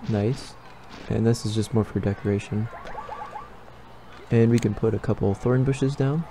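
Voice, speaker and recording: A man's voice: lowish voice, steady tone, moderate pace, warm tone, a little hiss or hum. A young man giving casual let's-play commentary, rambling and thinking aloud as he builds. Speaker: gaming YouTuber.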